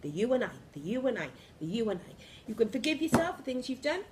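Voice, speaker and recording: A woman giving an energetic, emphatic spiritual pep talk to camera, repeating phrases for emphasis. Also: fairly high pitch, fast talker, slight background noise. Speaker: spiritual vlogger. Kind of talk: impassioned motivational monologue.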